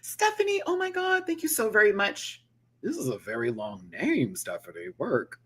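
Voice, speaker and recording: A man's voice: sits high, moderate pace, husky. A man hosting a live-stream reaction, chatting casually, laughing often and mimicking people as he tells the story. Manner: animated, laughs often, mimics others in quoted asides; calls to viewers by name, affectionate. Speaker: drag show reviewer, host.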